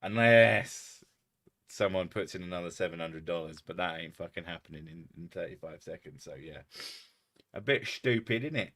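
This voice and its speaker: A man with a southern English accent chats loosely on his livestream, swearing freely and laughing between rambling stories. His voice sits low, with a bright, forceful edge to it. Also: fairly even intonation, moderate pace. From England. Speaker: streamer. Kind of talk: casual livestream chat.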